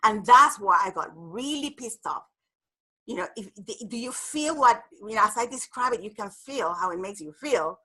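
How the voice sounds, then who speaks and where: A woman guest explaining an idea in a lively interview, laughing often and acting out the voices in her examples. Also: fairly high pitch, normal speed, slightly rough, poor audio. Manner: animated, laughs often, acts out apologetic voices. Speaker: guest speaker. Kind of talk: conversational explanation with acted examples.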